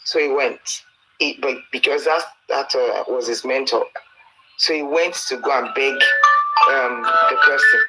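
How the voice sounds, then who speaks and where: A man's voice: medium pitch, measured pace, bright, forceful tone, soft background music, poor audio. A man with a Nigerian Yoruba accent earnestly exhorting and pleading, quoting the Bible and telling stories. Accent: Nigerian, Yoruba-speaking. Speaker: preacher addressing a campaigner. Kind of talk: exhortation mixing English and Yoruba.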